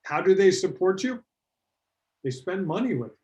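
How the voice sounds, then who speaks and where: A middle-aged man leads a business workshop in a relaxed, talky way, with a voice pitched a little above the usual for men. He tells stories and slips into the voices of the clients he quotes. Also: normal speed. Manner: animated storytelling, acts out quoted clients. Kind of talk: conversational workshop talk.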